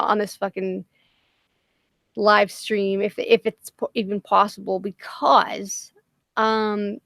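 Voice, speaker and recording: A woman's voice: mid-range voice, fairly bright tone, dry recording. A woman hosting a casual livestream, talking bluntly with lots of swearing and frequent laughter. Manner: blunt, profane, laughs often. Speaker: livestream host.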